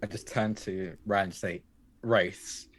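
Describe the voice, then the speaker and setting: A man playing his character in a tabletop game, calm and matter-of-fact. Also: lowish voice, slow pace, slight background noise. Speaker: player. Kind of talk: casual tabletop role-play.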